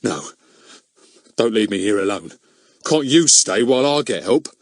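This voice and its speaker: A man's voice: lowish voice, lively intonation, measured pace, dry recording, studio quality. A man reading an audiobook voices a pompous village policeman who blusters and gets easily frightened. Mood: scared.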